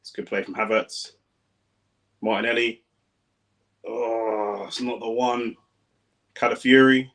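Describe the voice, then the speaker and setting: A young man, a fan streamer giving casual, slangy live commentary on a football match, breaking into sudden loud outbursts. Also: medium pitch, fairly even intonation, measured pace, pauses often.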